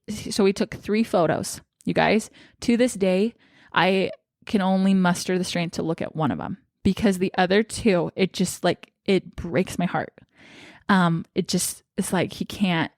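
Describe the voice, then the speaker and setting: A young woman talks straight to her viewers in a casual, emotional storytelling style, acting out the lines of the people in her story. Her voice sits a little low for a woman. The sound is close and dry, with no room echo. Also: moderate pace. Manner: emotional, chatty, acts out quoted dialogue. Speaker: vlogger.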